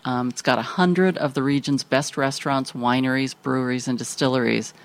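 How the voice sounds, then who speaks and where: A woman's voice: very deep voice, steady tone, a little fast. A woman co-hosting a casual chat, reading event listings and teasing her partner, laughing easily. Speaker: co-host.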